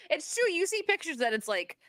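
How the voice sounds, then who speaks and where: A woman's voice: high voice, no echo. Woman hosting a livestream, outspoken and laughing, voice dry and close. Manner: outspoken, laughs often, reads out donations. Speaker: livestream host. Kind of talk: casual political chat.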